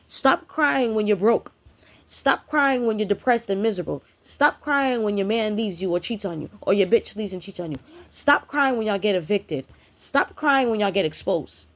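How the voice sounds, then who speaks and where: A woman giving a blunt, profane, confrontational rant in a spiritual vlog. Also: medium pitch. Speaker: spiritual content creator. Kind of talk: ranting vlog monologue.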